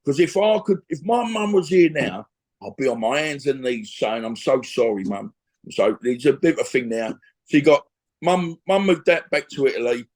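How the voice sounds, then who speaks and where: Older ex-boxer guest on a video call; slightly high voice, blunt, repetitive delivery. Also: male voice, expressive, normal speed. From England. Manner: blunt, repetitive, restarts often. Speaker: interview guest, former boxer. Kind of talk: emotional storytelling on a video call.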